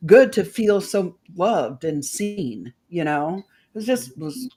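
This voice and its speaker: A woman's voice: on the low side, very animated, takes it slowly, dark tone, breathy edge. A woman guest on a talk show, telling an emotional personal story and acting out the voices of the people in it.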